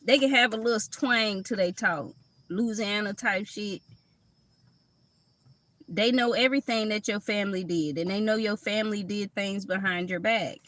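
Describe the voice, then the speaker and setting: A woman's voice: mid-range voice, moderate pace, a bit bright. A woman with a Southern accent that mixes Kentucky and Florida, giving a casual tarot reading and chatting with lots of laughter and swearing. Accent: Southern US, Kentucky mixed with Florida. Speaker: tarot reader.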